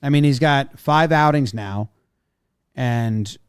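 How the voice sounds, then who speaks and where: A man co-hosts a sports podcast in a relaxed, rambling way, his sentences often trailing off and starting over. His voice sits at an ordinary middle pitch. The recording is dry and close, with no room sound. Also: takes it slowly, clear, resonant tone, dry recording. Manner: rambling, trails off and restarts mid-thought. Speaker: podcast co-host. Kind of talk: casual sports chat.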